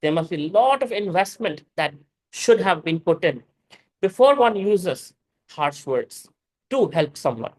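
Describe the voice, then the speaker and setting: A man with an Indian English accent giving a scripture class. He speaks emphatically, rises to forceful exhortation, chants Sanskrit verses slowly and carefully, and often says "you know" and restarts his sentences. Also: sits high, very animated, rough recording. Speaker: spiritual teacher.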